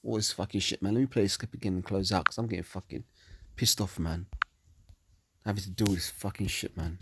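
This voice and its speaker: A man's voice: sits low, steady tone, fairly quick, heavy background noise. A man reading scripture verses solemnly and breaking into profane, angry commentary. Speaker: religious commentator.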